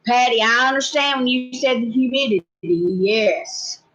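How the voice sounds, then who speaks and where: A woman's voice: fairly high pitch, a little slow, a bit bright, dull audio. Chatty middle-aged Louisiana woman. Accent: Louisiana Southern. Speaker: homestead channel co-host. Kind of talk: casual livestream chat reading comments.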